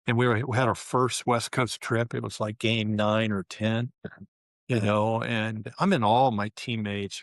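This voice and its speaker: Here the ex-basketball pro, a man in his 70s, has a lowish voice as he relaxes into a candid, colorful story during an interview, leaning on frequent fillers. The studio sound is clean, with no room sound.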